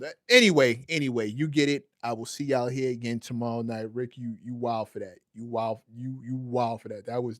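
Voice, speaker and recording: A man's voice: medium pitch, darkish tone. A man hosting a casual livestream, joking and talking straight to his chat viewers. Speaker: livestream host.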